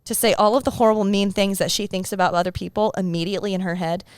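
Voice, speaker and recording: A woman co-hosting a podcast in casual chat, trading jokey, quick banter. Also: medium pitch, fairly even intonation, clear, resonant tone, no room sound, clean studio sound. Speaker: podcast co-host.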